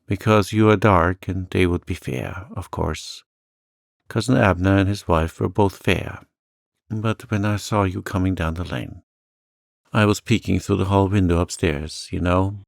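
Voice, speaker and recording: A man's voice: low-pitched, measured pace, vocal fry, no echo, studio quality. A man voicing a lonely, sweet little old lady who talks in a chirpy, eager, fluttery way. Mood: wistful.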